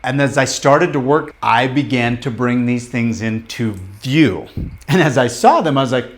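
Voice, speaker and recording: Speaking in a mid-range voice, a male business coach runs a live group training at a motivational workshop. His delivery is blunt and emphatic, laced with casual profanity and rapid-fire questions to the audience.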